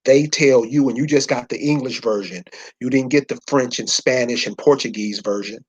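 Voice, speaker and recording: A man's voice: medium pitch, normal speed, husky, highs cut off. Male lecturer, mid-range voice, preachy and slangy, addresses listeners with constant rhetorical questions. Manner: talks to the audience in loose slangy speech. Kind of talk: informal lecture pointing at a map.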